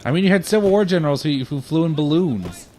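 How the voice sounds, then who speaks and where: A young man co-hosting a let's play, laid-back but quick to argue a point. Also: a little high, expressive, a little mellow, soft background music. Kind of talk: casual gameplay banter.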